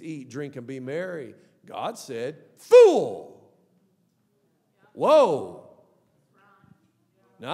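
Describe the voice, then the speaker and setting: A man preaching a sermon as pastor, emphatic, swinging between soft and loud delivery. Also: high-pitched. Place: church sanctuary. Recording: long hall reverb.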